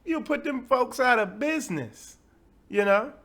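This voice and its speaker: A man's voice: extremely high pitch, expressive, a little slow, a bit bright. A man hosting a bible teaching webcast, talking loosely and conversationally with plenty of asides. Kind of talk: casual webcast talk.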